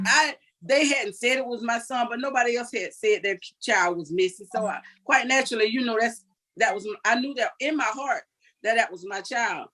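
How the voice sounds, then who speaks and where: An older woman speaks with a fairly high voice. She recounts events earnestly and vividly, acting out what others said. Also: normal speed, bright, forceful tone, low-quality recording. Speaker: interview guest. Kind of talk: emotional personal account.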